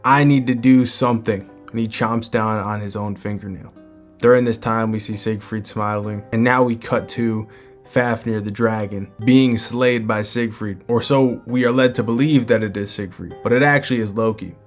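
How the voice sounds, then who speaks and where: A man's voice: on the low side, fairly even intonation, moderate pace, faint music behind. A man hosting a manga breakdown in a casual commentary style, using plenty of "like" and "you know".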